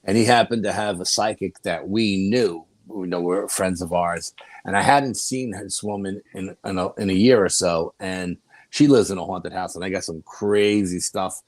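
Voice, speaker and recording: A man with a New York accent telling rambling, animated anecdotes as a guest in a casual chat. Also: low voice, normal speed, no echo. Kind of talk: casual storytelling.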